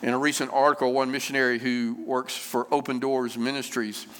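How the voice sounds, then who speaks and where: Man, pastor preaching, middle pitch, repeats phrases, fillers, long church-hall reverb. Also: little pitch movement, a little fast, fairly bright tone, clean tone. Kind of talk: sermon.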